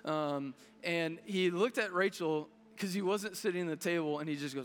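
A man's voice: on the high side, moderate pace, hardly any pauses, smooth. A man in his thirties preaching a sermon as pastor, earnest and building in intensity, with frequent restarts. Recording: long reverb of a large hall.

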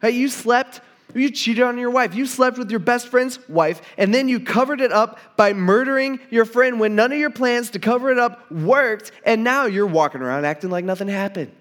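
A man's voice: extremely high pitch, moderate pace, fairly bright tone. A man preaching a sermon in a casual, conversational way, retelling a story and acting out its dialogue. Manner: conversational, acts out dialogue, many restarts.

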